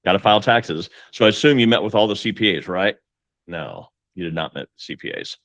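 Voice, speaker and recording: A man's voice: deep voice, animated, fairly quick, a bit bright, no echo. A man talking as a guest mortgage coach, with an emphatic, pep-talk delivery. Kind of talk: casual podcast conversation.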